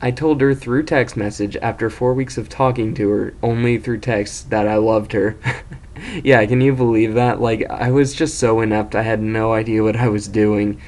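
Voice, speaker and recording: A man's voice: fairly low pitch, steady tone, normal speed, a little mellow. A young man casually telling an embarrassing story as host of his own video series, rambling, self-mocking and swearing freely.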